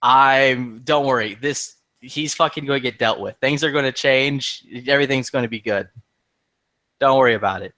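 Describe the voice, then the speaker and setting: Profanity-laced storytelling from a man, fired up and acting out what everyone said. His voice sits at an ordinary middle pitch and is recorded very dry and close, with no room sound. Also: moderate pace, no room sound. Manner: profane, heated, animated retelling with quoted dialogue. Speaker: podcast regular. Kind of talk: casual chat, storytelling.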